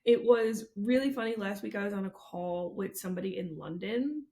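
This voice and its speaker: A woman in her thirties co-hosting a podcast, telling stories in an animated, playful way. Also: mid-range voice, a little fast. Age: 30s. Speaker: podcast co-host. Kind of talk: casual podcast chat.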